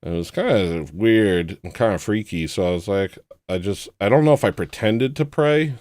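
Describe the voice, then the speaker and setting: A man hosting a livestream, telling a rambling personal story in a casual way and acting out the people in it with loud put-on voices. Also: lowish voice, moderate pace, dry recording. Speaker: livestream host.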